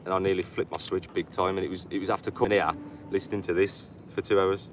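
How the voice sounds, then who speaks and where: A man's voice: sits low, level tone, fast talker. A man livestreaming outdoors as an animal rights activist, blunt and agitated, swearing often. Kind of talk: live outdoor stream. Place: outdoors by a roadside facility. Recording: distant mic with loud traffic noise.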